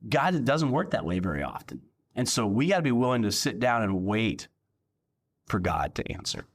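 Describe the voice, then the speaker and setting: A man's voice: lowish voice, sing-song, normal speed. A male pastor preaching a sermon in a casual, joking, conversational way.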